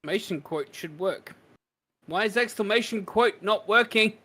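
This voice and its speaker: Chatty streamer man, fairly high voice. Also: moderate pace, bright, forceful tone, breathy edge. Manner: chatty, exasperated, laughing at tech troubles. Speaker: streamer host. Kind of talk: casual chat while fixing stream commands.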